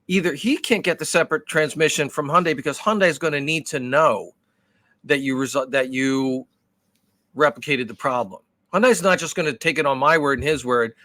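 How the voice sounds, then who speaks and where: A man co-hosting a podcast, telling a long casual story in an animated, profane, rambling way with many restarts. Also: fairly high pitch, dry recording. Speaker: podcast co-host.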